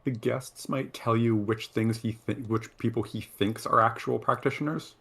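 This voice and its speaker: A thoughtful male co-host chatting in a halting, self-correcting way. His voice is middle-pitched and unremarkable. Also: steady tone, vocal fry, fairly bright tone. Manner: hesitant, thoughtful, restarts. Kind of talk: casual chat.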